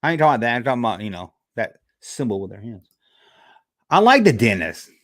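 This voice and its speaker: Here a drowsy man, yawning now and then, reads live chat on his casual YouTube stream. He is a quick talker with a medium pitch. His style is joking and chatty, full of lively retellings.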